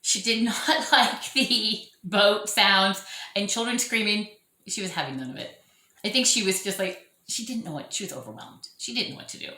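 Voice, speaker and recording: A woman's voice: mid-range voice, normal speed, bright, forceful tone. A middle-aged woman hosting her own channel, chatting casually and rambling with self-mocking laughs, recorded at home. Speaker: orchid channel host. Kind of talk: casual chat to camera. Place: home room. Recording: echoey room.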